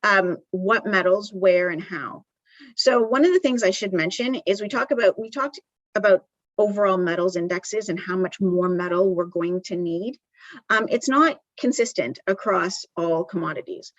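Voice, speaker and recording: A woman's voice: medium pitch, moderate pace, no room sound, highs cut off. A woman giving a live conference presentation in a conversational way, with frequent ums and restarts. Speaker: conference speaker. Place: conference venue.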